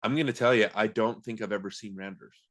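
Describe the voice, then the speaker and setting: A man's voice: on the low side, steady tone, fast, a bit bright. A man co-hosting a podcast, chatting casually about films in a rambling way, often restarting his sentences. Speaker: podcast co-host. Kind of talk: casual film chat.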